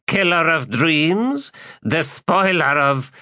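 A man doing a thin rasping ancient Jaghut. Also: fairly high pitch, animated, takes it slowly, pushed and bright, no room sound, clean studio sound, voice pushed up, heavily acted. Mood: mocking. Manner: weary, sardonic.

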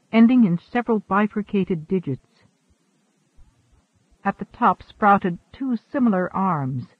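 A man reading a science fiction story aloud as an audiobook narrator, in a measured way, lightly voicing the characters. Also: high-pitched, no echo. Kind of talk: scripted narration. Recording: tinny phone-like sound.

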